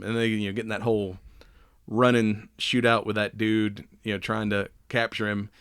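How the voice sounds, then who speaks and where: A man's voice: lowish voice, flat delivery, normal speed, fairly bright tone, smooth, no echo, studio quality. A man co-hosting a podcast, recapping a show in a rambling, laid-back way with frequent laughs. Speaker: podcast co-host. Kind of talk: casual chat.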